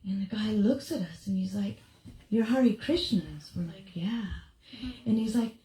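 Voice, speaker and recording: Lively high-voiced woman telling stories. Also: slow pace, pauses often. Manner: animated, acts out quoted voices, laughs often. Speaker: devotional speaker. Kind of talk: storytelling talk to a gathering. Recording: echoey room.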